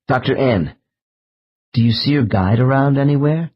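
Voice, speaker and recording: A man narrating an audiobook in a measured, slow reading of case transcripts. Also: medium pitch, husky, highs cut off. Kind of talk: scripted narration.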